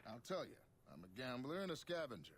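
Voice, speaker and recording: A man's voice: mid-range voice, sing-song, fast talker, natural voice. Man doing a shifty gambler-scavenger, folksy, wheedling, faint hiss behind. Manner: folksy, wheedling salesman talk.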